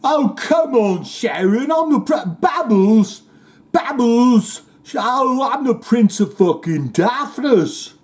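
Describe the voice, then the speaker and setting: A man's voice: very high voice, expressive, takes it slowly, a little mellow, voice pushed up, exaggerated voice. A man impersonating an older male rock star who whines in a slurred, cranky voice. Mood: whiny shouting.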